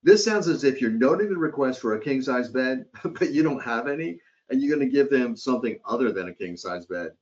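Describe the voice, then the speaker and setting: A man presents a hospitality training webcast live, chatting conversationally and regularly checking on his listeners. His mid-range voice has lively intonation and a fairly quick pace, though the headset or computer mic gives the audio a dull, lo-fi quality.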